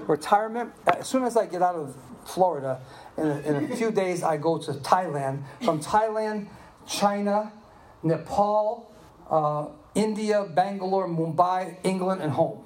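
A man in his seventies preaching a sermon, telling animated personal stories and checking in with the listeners. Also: high-pitched, measured pace, crowd noise. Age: 70s. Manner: animated storytelling, asks "Are you with me?". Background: audience responding.

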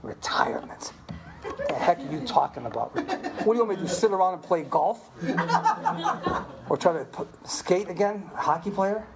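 A man in his seventies preaching a sermon, telling animated personal stories and checking in with the listeners. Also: high-pitched, moderate pace, a loud crowd. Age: 70s. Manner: animated storytelling, asks "Are you with me?". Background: audience responding.

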